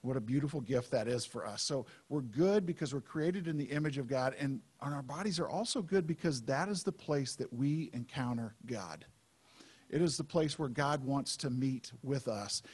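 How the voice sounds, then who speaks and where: A man preaching a sermon as pastor, in a conversational, unhurried way with frequent fillers. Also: mid-range voice, expressive, darkish tone, breathy edge.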